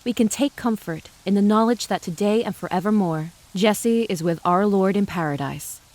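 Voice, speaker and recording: A woman voicing a kindly older male frontier preacher, speaking with a slow, solemn cadence. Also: mid-range voice, darkish tone, lightly acted.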